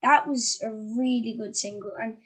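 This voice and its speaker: A woman's voice: on the high side, normal speed, husky. A woman hosting a casual interview, chatty and giggly, with lots of ums and likes. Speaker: interviewer and host.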